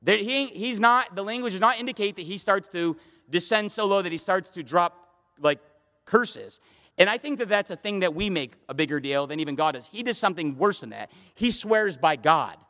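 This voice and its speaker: A male pastor preaching a sermon, emphatic and swinging between loud declarations and hushed asides, in a church. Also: sits high, animated, moderate pace. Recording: long hall reverb.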